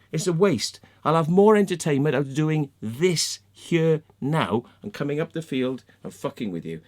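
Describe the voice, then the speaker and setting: A man's voice: mid-range voice, darkish tone. A man with an English accent, ranting heatedly in a sweary monologue and tagging his points with "yeah?" and "right?". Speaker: video blogger.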